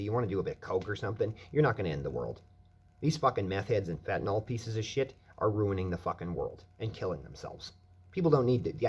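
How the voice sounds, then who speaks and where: A man's voice: fairly low pitch, slightly rough. A man delivering a profane, angry rant as a vlogger, swearing constantly.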